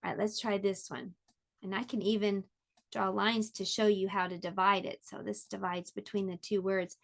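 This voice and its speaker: A woman teaching an online pre-K lesson, speaking gently and encouragingly and sounding words out clearly for young children. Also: medium pitch, flat delivery, normal speed.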